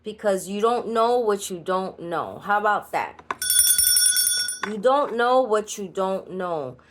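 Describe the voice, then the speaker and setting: Woman, Nuyorican accent, spiritual card reader, unhurried delivery, blunt straight talk, laughing asides. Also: medium pitch, animated, slight background noise. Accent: New York Puerto Rican. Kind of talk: channeled tarot reading. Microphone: solo creator recording.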